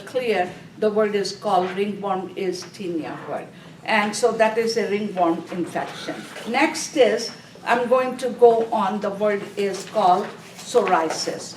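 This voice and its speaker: A woman leads a nursing review class in a slow, deliberate way, repeating each key term and telling students what to highlight. Her voice sits somewhat high. She is picked up from a distance in a reverberant classroom with a faint hum underneath. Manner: slow, repetitive, directive teaching. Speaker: nursing exam instructor. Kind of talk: classroom lecture. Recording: echoey room from a distance.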